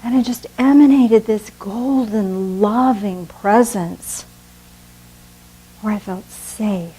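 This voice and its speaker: A woman preaching a sermon, slow and earnest, with dramatic pauses. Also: mid-range voice, dark tone, breathy edge, rough recording. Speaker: pastor.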